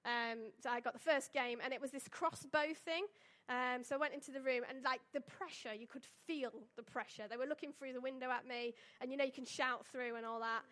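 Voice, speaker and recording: A woman's voice: high-pitched, fairly even intonation, brisk, hardly any pauses, a bit bright. A young woman giving a casual, chatty sermon and telling stories, with lots of tag questions and fillers. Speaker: preacher.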